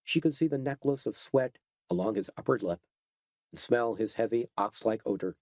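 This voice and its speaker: A man giving steady, scripted narration of a horror audiobook. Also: mid-range voice, normal speed, no room sound.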